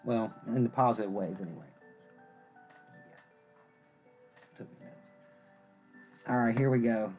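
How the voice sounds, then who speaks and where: A man's voice: mid-range voice, normal speed, long pauses, darkish tone, faint music behind. A man hosting a card-selling stream, rambling and joking as he shows cards and greets viewers by name. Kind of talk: casual rambling chat while showing cards.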